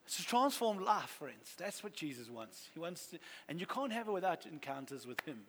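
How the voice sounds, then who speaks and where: A man's voice: a little high, big pitch swings, normal speed, a bit bright, slight background noise. A man pastor preaching a sermon to his church, earnest and building to fervent exhortation. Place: church hall. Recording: long reverb of a church hall.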